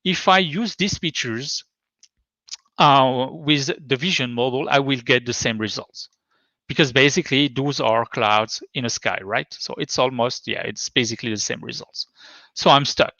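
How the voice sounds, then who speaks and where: A male conference speaker with a French accent gives a technical talk with a live demo from home. He sounds hesitant, with lots of "uh," fillers, and restarts, in a medium-pitched, pushed, bright voice. The line is muffled and slightly dull, with no room sound.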